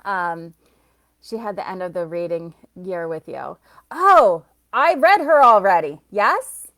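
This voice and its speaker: A woman reading for viewers on a live stream, her talk casual and wandering. She laughs easily and keeps breaking off to answer comments, speaking at an ordinary pitch in an unhurried, conversational flow. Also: lively intonation, a bit bright. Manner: chatty and rambling, laughs often, reads viewer comments aloud. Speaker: psychic reader and soul coach.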